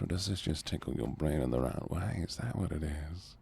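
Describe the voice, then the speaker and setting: A soft-spoken man with a Southern US accent, chatting with viewers during a relaxed gaming stream. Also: very deep voice, fairly quick, creaky, hardly any pauses, husky. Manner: relaxed, chatting to viewers between game moments.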